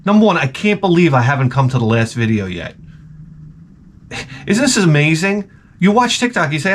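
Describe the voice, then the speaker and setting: A man's voice: fairly high pitch, lively intonation, normal speed, pauses often. A man vlogging with the flu, telling a comedic story in an exasperated, rambling, profane way. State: sick with the flu.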